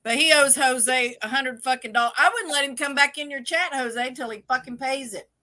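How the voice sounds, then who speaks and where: Brash woman, high voice, bright sharp tone, teasing, profane. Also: normal speed. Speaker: live-stream co-host. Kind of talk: casual live-stream chat.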